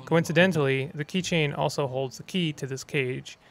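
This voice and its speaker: A man reading as a charming caged sidekick with a wry, courtly manner. The voice sits a little high and stays self-amused, polite to a fault. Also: moderate pace, gravelly.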